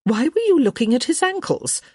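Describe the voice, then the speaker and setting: A woman's voice: high voice, big pitch swings, normal speed, no room sound, studio quality, voice pushed up. Woman voicing Violet, a fretting society mother. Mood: anxious. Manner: insistent, coaxing.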